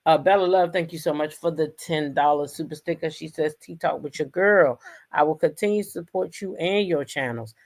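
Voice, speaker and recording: A woman hosting a casual livestream, reacting to clips and thanking viewers in an animated, exclamatory way. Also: low voice, moderate pace. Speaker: host.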